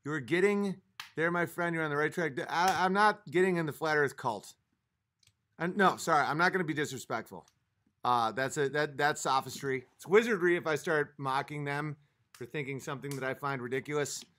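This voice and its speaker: A man's voice: a little high, moderate pace, sharp tone. A man hosting a livestream, arguing with his chat in a profane, exasperated rant, a little tipsy from a few drinks. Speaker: livestream host reading chat.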